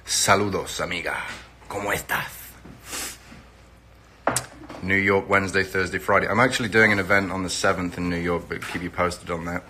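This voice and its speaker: A middle-aged man from England, a reality TV personality, hosts a casual live stream on his phone, greeting viewers by their locations and plugging an event. His deep voice barely shifts in pitch, and he talks fast with few pauses against background noise.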